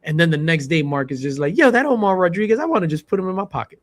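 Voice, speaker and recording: A man hosts a casual panel chat, his voice sitting a touch high. He tells stories with energy and acts out other people's lines. The sound is close and dry, with no room around it. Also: rapid-fire, no echo. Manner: animated storyteller, acts out quotes. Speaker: podcast host.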